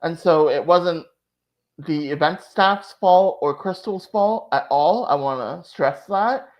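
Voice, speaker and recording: A woman's voice: on the low side, takes it slowly. Chatty woman host recapping stuff, lots of "like", kinda muffled lo-fi sound. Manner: chatty, emotional, fillers like "like". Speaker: channel host. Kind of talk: casual chat recap.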